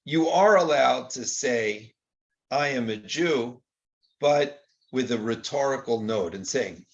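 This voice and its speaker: Animated older rabbi giving a lecture. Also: male voice, medium pitch, unhurried, dull audio. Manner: animated, conversational, acts out quoted exchanges with rising rhetorical tone. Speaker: rabbi teaching Torah. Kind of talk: informal Torah lecture.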